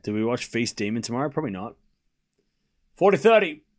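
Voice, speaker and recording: A man's voice: mid-range voice, rapid-fire. A man hosting a live tennis watchalong stream, calling scores and chatting casually with viewers, rambling and laughing often.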